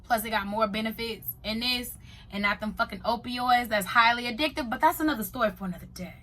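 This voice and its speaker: A woman reviewing a TV show in a casual vlog, firing off blunt rhetorical questions, swearing freely as she tells a story. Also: a little high. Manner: animated, rapid rhetorical questions.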